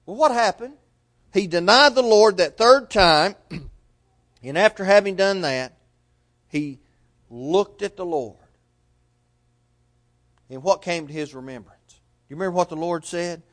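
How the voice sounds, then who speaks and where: A man preaching a sermon, asking his listeners rhetorical questions and swinging between loud emphasis and soft, quiet passages. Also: sits high, expressive, unhurried, long pauses.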